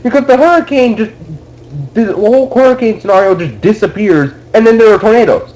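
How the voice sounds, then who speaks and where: Young male co-host, high animated voice, exasperated profane ranting, dull lo-fi recording. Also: fairly quick. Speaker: podcast co-host. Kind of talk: casual ranting movie review.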